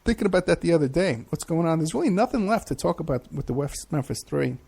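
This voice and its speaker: A man's voice: fairly high pitch, animated, fast, creaky, darkish tone, slightly rough. A middle-aged man hosting a live show, chatting casually and rambling through questions from the chat with many fillers. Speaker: podcast host.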